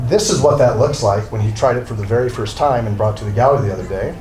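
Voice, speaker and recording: A man's voice: medium pitch, quick pace. A man gives a rambling, heartfelt introduction, joking at his own expense as he goes. He sounds set back from the microphone in a roomy hall. Background noise runs steadily underneath him. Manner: rambling, self-deprecating, emotional. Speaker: art dealer introducing a speaker. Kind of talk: live introduction speech. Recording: roomy, distant from mic, with noise.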